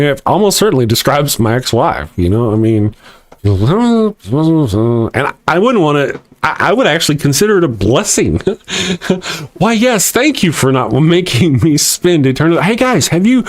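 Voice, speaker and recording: A man's voice: medium pitch, dry recording. A middle-aged man hosting a casual live talk show, reading viewer comments in a mocking, irreverent way and laughing often. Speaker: host of a live atheist morning show.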